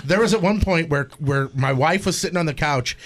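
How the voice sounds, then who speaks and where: A man's voice: a little high, brisk. A man talking casually with co-hosts, acting out what was said. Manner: expressive, acts out quotes. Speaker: co-host. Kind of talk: casual chat.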